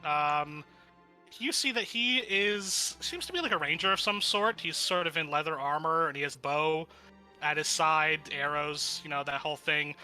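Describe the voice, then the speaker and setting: A man's voice: on the high side, moderate pace, pushed and bright, faint music behind. A man narrating as game master of a tabletop game, rambling and restarting his sentences as he describes the scene. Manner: rambling, lots of fillers and restarts.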